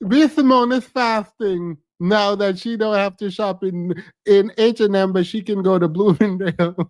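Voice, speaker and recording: A woman's voice: medium pitch, normal speed, a little mellow, dry recording. A woman streaming her reaction to a clip, laughing often and mocking what she hears in casual commentary.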